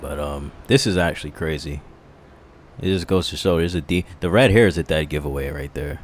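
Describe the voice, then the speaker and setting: Low male host, crude joking reaction commentary, laughs a lot. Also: a little fast. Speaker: stream host.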